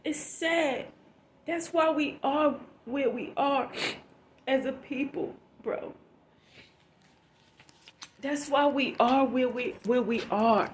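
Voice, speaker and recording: A woman delivers an emotional vlog commentary, sniffling and choked up as she speaks. She talks slowly and repeats lines for emphasis in a preachy way. Her voice sits a little high, with faint ambient noise behind her. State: tearful, sniffly. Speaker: vlogger.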